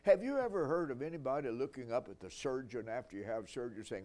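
A man's voice: mid-range voice, animated, fast, a little mellow. An older man preaching a sermon, telling folksy stories with dry humor.

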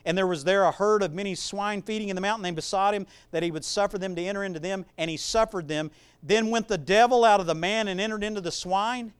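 A man with a high, smooth and resonant voice preaches a sermon. He reads scripture, then builds to loud, emphatic preaching. He drops into chatty asides full of fillers and restarts. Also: quick pace. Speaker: pastor.

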